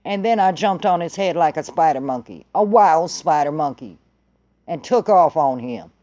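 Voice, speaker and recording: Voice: medium pitch, animated, moderate pace, a little mellow, muffled recording. A vlogger telling a story in a blunt, heated way and swearing freely. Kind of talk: casual profane storytelling.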